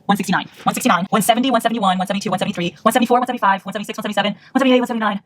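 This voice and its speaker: A woman whose first language is Portuguese talks casually into her camera at home beside her bookshelves, counting books aloud and teasing herself along the way. Her voice sits at a middle pitch. A faint hiss runs under the recording. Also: fairly even intonation, racing. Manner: chatty, counting books aloud with self-mocking asides. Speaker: book vlogger. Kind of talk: casual vlog.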